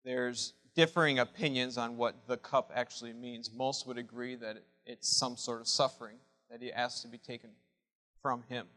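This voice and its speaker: A male preacher delivers a sermon with real passion, swinging from near-whispers up to strong, loud calls. His voice has a bright, forceful edge. It rings out with the long reverb of a large hall. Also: medium pitch, steady tone, moderate pace. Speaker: pastor.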